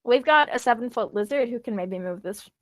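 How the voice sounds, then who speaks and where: Lively, laughing woman player. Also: fairly high pitch, fairly quick, slight background noise. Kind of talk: casual tabletop game chat.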